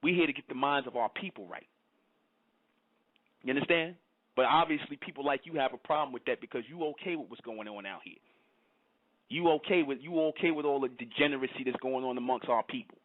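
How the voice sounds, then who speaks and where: A man's voice: mid-range voice, brisk, dry recording. A man hosting his own channel, delivering a scolding monologue in reply to chat comments, firing rhetorical questions and repeating himself. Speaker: channel host. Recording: tinny phone-like audio.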